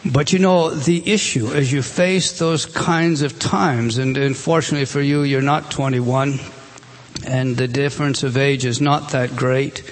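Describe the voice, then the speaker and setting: A middle-aged man preaches with a husky, slightly breathy voice. He speaks in an earnest, exhorting way, often restarting his phrases as he presses his point. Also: mid-range voice. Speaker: pastor. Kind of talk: sermon.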